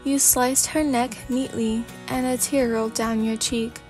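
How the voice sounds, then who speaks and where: A woman narrating a fanfic as a sleepy ASMR reading, in a calm, steady storybook manner. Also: on the high side, unhurried, faint music behind.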